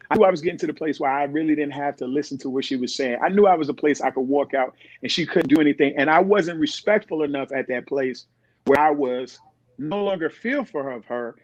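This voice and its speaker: Animated middle-aged man telling stories. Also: on the high side, dry recording. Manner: animated, acts out quoted voices. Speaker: podcast guest. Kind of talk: storytelling in conversation. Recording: dull, dry recording.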